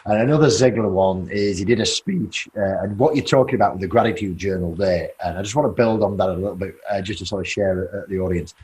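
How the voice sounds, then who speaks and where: A man's voice: low-pitched, quick pace, hardly any pauses, a little mellow. A man hosting a podcast, chatting casually with a guest and telling stories. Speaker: podcast host. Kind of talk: casual interview chat.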